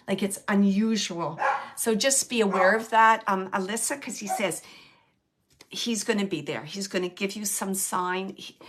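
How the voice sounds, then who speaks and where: A woman's voice: medium pitch, noisy background. A woman hosting a show and giving live mediumship readings. She speaks earnestly and straight to the sitter, often repeating her phrases. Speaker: psychic medium and show host.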